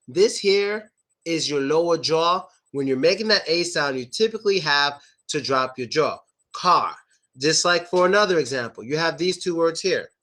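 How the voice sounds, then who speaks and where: A young man teaching English pronunciation, repeating words slowly and exaggerating the sounds. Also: fairly high pitch, pushed and bright. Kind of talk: online pronunciation lesson.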